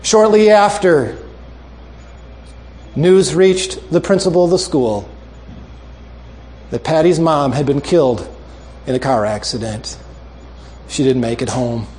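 A male preacher closing a sermon with a story, making earnest, repeated appeals and dropping soft and low for emphasis. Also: lively intonation, slow, long pauses, slight background noise.

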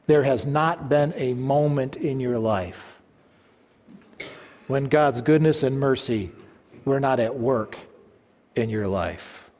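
Emphatic preacher in an echoing hall. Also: male voice, lively intonation. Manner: slow, emphatic, dropping to a low hush at phrase ends. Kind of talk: sermon. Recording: echoey hall reverb.

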